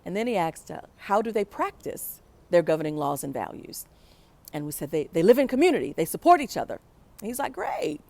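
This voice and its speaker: A young woman recounts a personal story in a reflective, conversational voice that sits slightly low. She slips into the voices of the people she quotes now and then. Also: big pitch swings, a little fast, gravelly, warm tone, dry recording.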